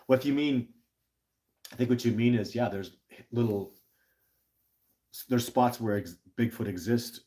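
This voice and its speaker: A man's voice: mid-range voice, a little slow, long pauses, dark tone. A middle-aged man hosting a casual livestream, rambling passionately with many restarts while reading viewer questions, short on sleep. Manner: rambling, earnest, with many restarts and stammered repeats; passionate and emotional. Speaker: livestream host.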